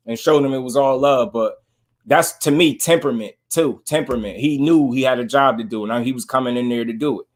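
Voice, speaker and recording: Laid-back slangy man talking boxing. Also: medium pitch. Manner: slangy and laid-back, laughing often, reading out viewer comments. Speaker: boxing commentator. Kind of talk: casual commentary.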